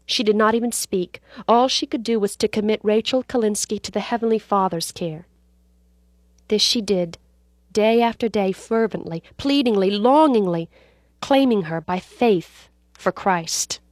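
A woman narrating a story aloud in a measured, dramatic reading style. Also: medium pitch, dry recording, clean studio sound.

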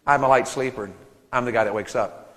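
A man in his thirties preaching a sermon to teenagers at a camp, animated and storytelling, acting out voices and joking with the crowd. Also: medium pitch, brisk, in a large hall.

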